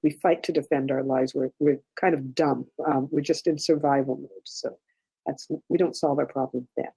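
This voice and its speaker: A woman teaches a workshop in a relaxed, chatty way, guiding listeners gently through an exercise. Her voice has a gravelly edge and a dark, mellow tone, and she keeps checking in with her audience as she goes. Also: a bass voice, normal speed, rough recording. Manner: conversational, checks in often with "okay?"; gentle, instructive guidance. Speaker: workshop instructor.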